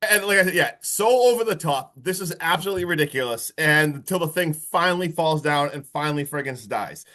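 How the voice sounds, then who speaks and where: An excitable man in casual podcast chat, peppering his talk with "like" and swearing. His voice sits a little high for a man. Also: fairly quick. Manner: excitable, swears freely, heavy use of "like". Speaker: podcast co-host. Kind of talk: casual movie review chat.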